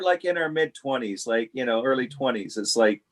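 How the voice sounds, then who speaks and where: A man telling a story on a casual podcast, animated and laughing as he goes. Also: medium pitch, fairly quick.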